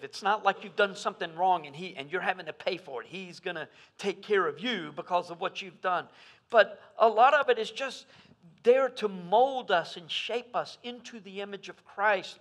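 A man preaching a sermon as pastor, swinging between loud emphasis and hushed asides. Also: sits high.

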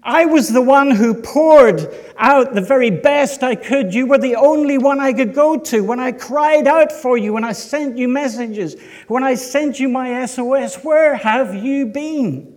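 Preacher putting on a high, loud, accusing woman, fed up and exasperated, echoey hall. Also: measured pace. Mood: indignant. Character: indignant grieving woman confronting a friend.

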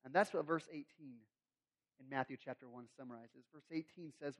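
A man's voice: mid-range voice, moderate pace. A male pastor preaching a sermon in a conversational, storytelling way with humorous asides.

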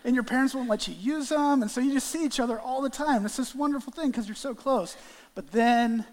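A man preaching a sermon and acting out a lively illustration with volunteers on stage, calling out playful greetings. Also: very high voice, a little fast, long reverb tail. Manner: animated, acts out greetings with volunteers. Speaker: guest preacher. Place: church sanctuary.

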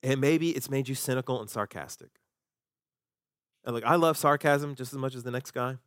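A man preaching a sermon as pastor, animated, jumping up in pitch when he acts out quoted voices. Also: normal speed, no room sound, clean studio sound.

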